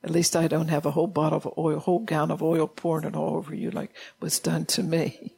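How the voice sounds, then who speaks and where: A gravelly, fry-tinged voice of a preacher at mid pitch. It preaches an informal sermon in a loose, conversational manner, with frequent laughs. The delivery is folksy rather than formal. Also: flat delivery, a little fast, a little mellow.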